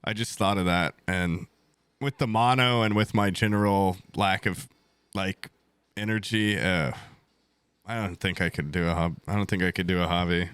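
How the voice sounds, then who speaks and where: A young male streamer in his twenties rambles through a story with crude jokes and blunt swearing. His voice is bright and forward. It is recorded dry and close, with no room sound around it. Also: sits low, fairly even intonation, normal speed, clear, resonant tone, no room sound. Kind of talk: casual storytelling to chat.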